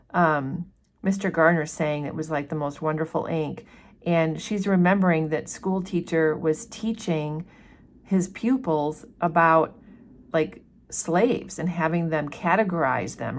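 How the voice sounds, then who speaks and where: A woman talking casually through a novel chapter as a teacher, reading passages aloud between chatty remarks full of "like" and "you know". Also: sits low. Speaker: literature teacher discussing a novel. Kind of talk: casual book discussion with read-aloud passages.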